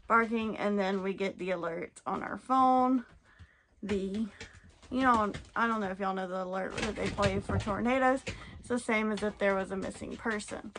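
A woman's voice: a little high, a bit bright. A tired young woman, chatting casually and rambling in a home vlog from her camper. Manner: chatty, rambling, says "y'all" and "freaking". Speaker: vlogger.

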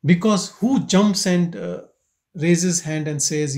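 A man leading a spiritual satsang, speaking slowly and contemplatively, asking questions and leaving long pauses. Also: a little high, a little mellow. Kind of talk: slow contemplative spiritual talk. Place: meditation centre hall.

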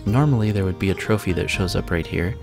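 A man casually commenting on a game he plays, explaining mechanics in a relaxed, self-correcting way into a sensitive desk mic. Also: sits low, quick pace, vocal fry. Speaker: let's play host. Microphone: sensitive desk microphone. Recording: game music under the voice.

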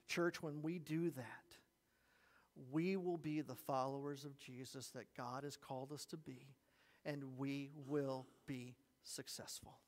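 A man preaching an earnest sermon as pastor, telling a story to his congregation. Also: medium pitch. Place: church sanctuary. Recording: long reverb of a church hall.

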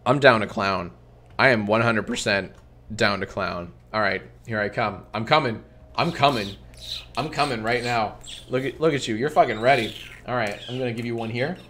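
A young adult man streaming, joking around in comedic banter, swearing constantly with playful mock bravado and breaking into loud heckling boos. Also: fairly low pitch, normal speed.

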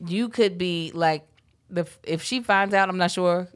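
A woman's voice: fairly low pitch, unhurried. A middle-aged woman from Baltimore co-hosting a casual podcast chat, emphatic and playful. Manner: emphatic, laughs often, playful. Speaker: podcast co-host.

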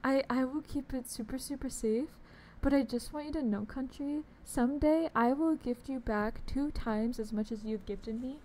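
A woman's voice: high-pitched, normal speed, hardly any pauses, a little mellow, a little hiss or hum. A young woman streaming a game live, chatting casually and bubbly with her viewers, laughing often. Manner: bubbly, giggly, talks to chat.

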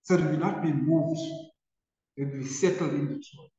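A man preaching a sermon, repeating key phrases and swinging between loud emphasis and soft, drawn-out lines. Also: on the high side, steady tone, far from the mic. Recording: echoey hall, dull lo-fi sound.

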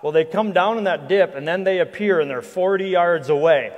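A man, a hunting guide and guest speaker, telling a lively anecdotal story to a church audience, with frequent restarts. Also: high voice, a little fast, highs cut off. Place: church hall with live audience. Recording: long reverb of a large hall.

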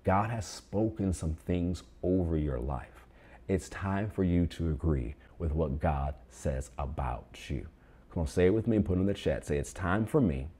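Male pastor, low-pitched and husky, mid-sermon with call-and-response. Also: warm tone. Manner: preaching with call-and-response prompts to the online congregation.

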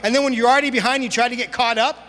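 High-voiced young pastor preaching in a hall. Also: male voice, rapid-fire. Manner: conversational storytelling, animated, casual slang. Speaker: youth pastor. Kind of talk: sermon. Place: church sanctuary. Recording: long church hall reverb, faint hum.

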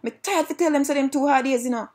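A woman's voice: high voice, fast, darkish tone, voice pushed up, natural voice. A mother pig in a storybook, scolding in thick Jamaican patois with a raised voice. A woman reads her part.

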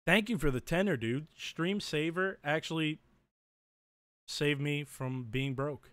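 A man talking casually on a live stream, his voice worn hoarse and fading. He sits close to a dry mic with his pitch a bit high. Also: unhurried, no echo. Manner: hoarse and quiet after singing, thanks viewers. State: losing his voice.

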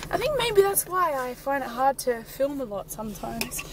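This woman's high-pitched voice is very animated at a normal speed as she vlogs in a chatty, rambling, self-deprecating way, sounding breathless. A loud crowd and music can be heard behind her.

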